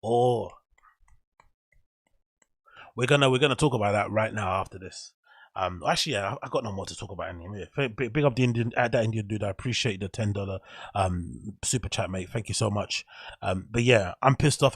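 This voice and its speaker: A man's voice: on the low side, a little fast, breathy edge, no echo. A young man with an English accent, hosting a casual solo show and ranting with frustration and frequent swearing. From England. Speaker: show host.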